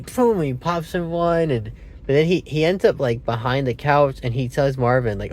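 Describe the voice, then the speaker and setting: A man's voice: mid-range voice, brisk, a little mellow. A man giving a casual, rambling movie review, meandering with fillers and self-corrections, sounding sleepy. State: sleepy, yawning.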